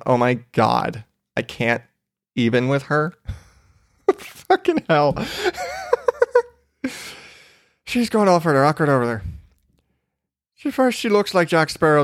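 A man's voice: mid-range voice, dry recording, clean studio sound. A man hosting a podcast in a casual monologue, ranting with lots of swearing and laughter. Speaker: podcast host.

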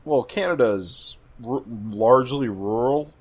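A man's voice: mid-range voice, a little slow. A man with a mid-range voice co-hosts a casual podcast. He cracks dry jokes and stammers through repeated starts of his sentences. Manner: dry wisecracks, stammering restarts. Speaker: podcast co-host. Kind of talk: casual comic book podcast chat.

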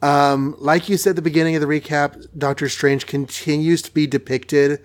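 A man's voice: fairly high pitch, level tone, normal speed. A man co-hosting a podcast in casual chat, talking with lots of ums. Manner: chatty, many ums, slips into acted voices. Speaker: podcast co-host.

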